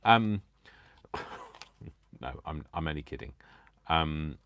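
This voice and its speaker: Male craft host, very low register, casual live chat, jokes at his own expense. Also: lively intonation, slow pace, fairly bright tone. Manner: chatty, self-mocking, jokes to himself and the viewers.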